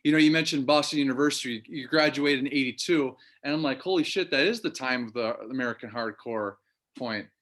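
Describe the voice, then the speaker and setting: A man's voice: medium pitch, a little fast, a bit bright. A man hosting a podcast interview in a casual way, with an eager, joking fan's manner. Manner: eager, jokey fan. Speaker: podcast host.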